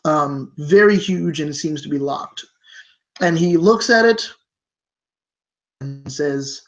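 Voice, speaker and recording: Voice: medium pitch, takes it slowly, pauses often, highs cut off. A game master narrating a tabletop game, with rambling, self-correcting descriptions and many fillers.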